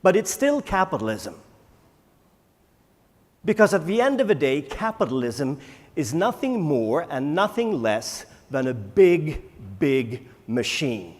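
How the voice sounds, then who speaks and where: Lively male keynote speaker in a hall. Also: fairly high pitch. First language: Swedish. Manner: rhetorical questions to the audience, dramatic pauses. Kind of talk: conference keynote talk. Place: large conference hall. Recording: echoey conference hall.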